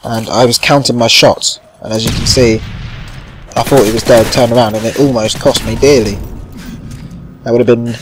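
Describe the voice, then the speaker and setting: Man, casual game commentary, rambling and sweary, middle pitch, faint background hiss. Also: steady tone, normal speed, pauses often. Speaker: gaming channel host.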